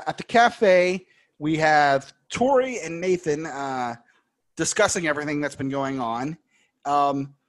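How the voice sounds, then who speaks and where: A man co-hosting a podcast, recapping a horror film in casual chat, animated and sarcastic, laughing as he talks. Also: on the high side. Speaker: podcast co-host.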